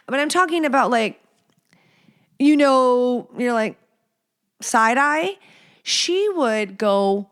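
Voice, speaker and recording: A woman in her thirties hosting a casual solo podcast, talking bluntly and profanely, and acting out quotes with lively storytelling. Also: on the high side, a little slow, clean tone. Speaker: podcast host.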